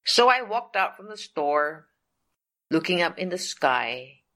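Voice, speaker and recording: Slow, deliberate woman telling a testimony. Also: on the low side, sing-song, bright, forceful tone. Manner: slow, deliberate, repeats phrases for emphasis. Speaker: storyteller. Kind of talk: personal faith testimony.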